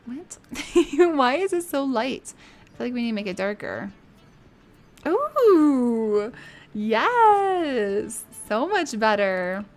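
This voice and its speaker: Chatty woman streamer, slightly high voice. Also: animated, normal speed, faint music behind. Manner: chatty and upbeat, laughs often. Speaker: live streamer. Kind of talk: casual chat while playing a life-sim game.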